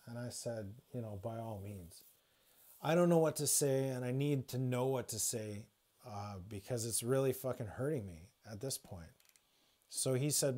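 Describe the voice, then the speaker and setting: A man's voice: mid-range voice, normal speed, warm tone. Man in a casual home livestream, mid-range voice, loose and rambling, swears a lot. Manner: rambling, swears freely, frequent restarts. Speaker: spiritual livestreamer.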